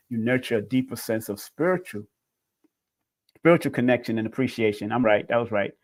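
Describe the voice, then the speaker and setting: A man's voice: medium pitch, brisk. Emotional preachy man, livestream host. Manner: preachy, emotional, addresses viewers as family. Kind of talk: spiritual livestream talk.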